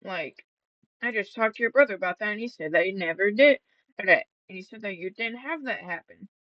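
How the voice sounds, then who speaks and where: A woman's voice: medium pitch, brisk, no room sound, dull audio. A woman gaming vlogger telling a story in casual chat, rambling and swearing, with many fillers and restarts.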